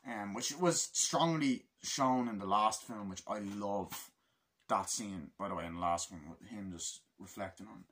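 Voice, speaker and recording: Husky young guy ranting excitedly about a movie, swears a ton. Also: lowish voice. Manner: excitable, swears a lot, acts out scenes. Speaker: movie reviewer. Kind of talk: casual film review.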